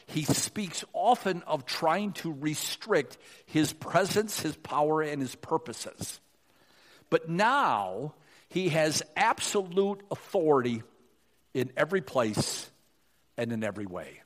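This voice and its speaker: A male pastor preaching a sermon, swinging from emphatic rises to hushed drops. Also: a little high, sing-song, measured pace. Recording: long reverb of a large hall.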